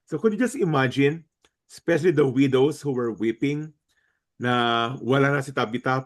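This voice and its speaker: Filipino guy doing a casual bible lesson, mid pitch, lots of uh and quick self-fixes. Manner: switches between English and Tagalog, with fillers and self-corrections. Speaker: Bible teacher. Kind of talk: Bible teaching talk.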